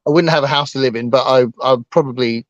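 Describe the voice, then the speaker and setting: A man's voice: mid-range voice, quick pace, no echo, dull audio. A man co-hosting a casual book livestream, talking hesitantly with lots of ums and restarts. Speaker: book channel co-host.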